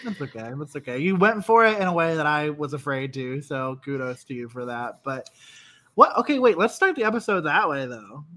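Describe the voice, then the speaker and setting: A woman from Northeast Ohio co-hosting a podcast from her home desk, chatting casually with lots of fillers and sudden jumps in pitch. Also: sing-song, brisk, a bit bright. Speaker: podcast co-host. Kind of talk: casual chat.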